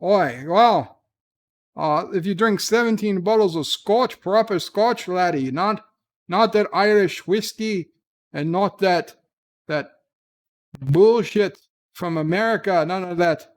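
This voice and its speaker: A man's voice: high voice, slow pace. A man voicing a boisterous Scottish man who swears by a whiskey-and-haggis cure for everything, with a put-on Scottish accent and a crude, rambling manner. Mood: blustery.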